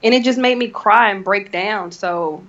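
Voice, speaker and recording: A woman's voice: mid-range voice, normal speed. Woman, podcast guest, earnest storytelling, casual chat, muffled lo-fi sound. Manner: earnest storytelling, animated quotes.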